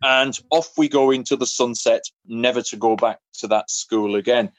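A man's voice: mid-range voice, fairly even intonation, normal speed, no room sound. A man telling a personal story in a casual interview, acting out other people's lines in different voices. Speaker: interview guest.

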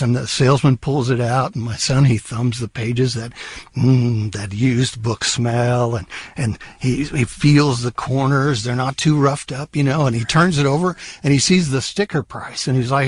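A middle-aged man hosts part-time and tells a funny personal story with playful, acted-out voices. His pitch sits in the middle for a man, and the sound is dry with no room around it. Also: normal speed, slightly rough, no room sound.

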